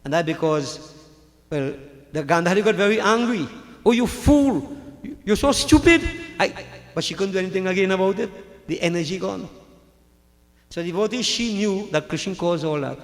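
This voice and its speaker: A man preaching a sermon, telling scripture stories dramatically and acting out the characters. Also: a little high. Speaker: pandit preacher. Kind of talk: sermon storytelling. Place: large hall at a religious gathering. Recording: long reverb of a hall.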